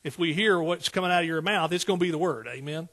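Male preacher, sermon delivery, a bit high and husky, emphatic and rousing, casual with the congregation. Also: fast, fairly bright tone. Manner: rises to emphatic exclaiming peaks; Southern "y'all" speech.

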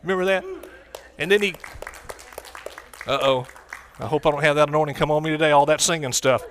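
A man's voice: fairly high pitch, fairly even intonation, fairly quick, a faint crowd, a little hiss or hum. A man preaching a sermon with fervent energy, calling out to his congregation for responses.

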